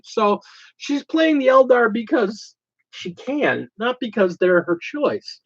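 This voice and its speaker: Male host, expressive and chatty, ranting casually over a muffled, lo-fi recording. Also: sits high, unhurried, husky. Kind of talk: casual chat. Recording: dull lo-fi sound.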